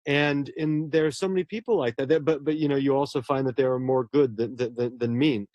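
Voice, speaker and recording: Earnest guy gushing in an interview, restarts a lot, mid pitch, dry sound. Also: steady tone, fairly quick, a little mellow, no room sound. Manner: earnest, effusive, repeats and restarts words. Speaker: horror novelist, guest. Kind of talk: casual interview conversation.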